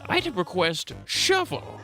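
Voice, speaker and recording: A man's voice: high-pitched, sing-song, a little slow, sharp tone, faint music behind, pitched above the performer's own voice, full character voice. A man voicing a goofy, boastful young male spade prince with a silly sing-song delivery. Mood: goofy cheerful.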